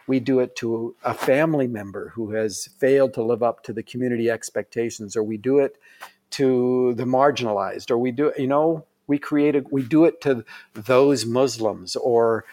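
A man's voice: mid-range voice, a little mellow. A middle-aged man telling a story in casual conversation, rambling with lots of fillers and restarts. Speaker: guest.

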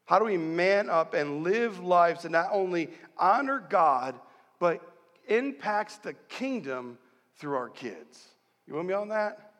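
A middle-aged man from central New York preaching a sermon as pastor, telling stories in an animated way and rallying the congregation. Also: high-pitched. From central New York, USA. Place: large church hall. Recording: long hall reverb.

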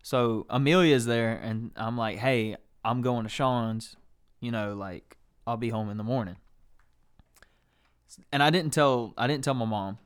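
A young man hosting a podcast, telling a story in casual, profane, animated chat. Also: medium pitch, measured pace, clear, resonant tone. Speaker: podcast host.

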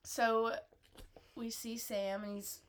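A woman's voice: fairly high pitch, little pitch movement, slow pace, clear, resonant tone. A woman co-hosting a podcast, talking through a TV episode in a wry, chatty, casual way. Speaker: podcast co-host. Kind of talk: casual TV recap chat.

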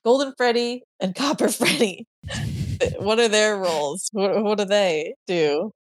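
A woman's voice: medium pitch, measured pace, no room sound. A woman co-hosting a podcast, chatting casually and brainstorming ideas, often restarting her sentences between laughs. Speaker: podcast co-host.

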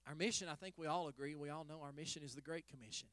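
A middle-aged male pastor preaching a sermon, telling a story softly and then rising to fervent exhortation. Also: a little high, rapid-fire, no room sound. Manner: storytelling, swings from hushed to fervent.

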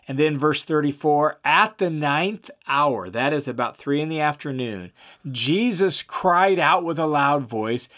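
A man's voice: on the high side, expressive, measured pace, a bit bright. A man teaching through a Bible passage, reading each verse aloud and then explaining it with emphatic repetition and some "uh" fillers. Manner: emphatic, repeats key phrases for stress.

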